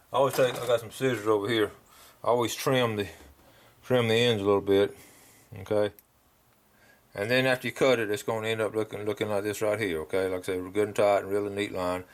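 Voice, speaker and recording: A man hosting a local fishing show, chatting and demonstrating step by step in a folksy way, often ending sentences with "okay?". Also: fairly low pitch. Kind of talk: casual how-to demonstration and chat.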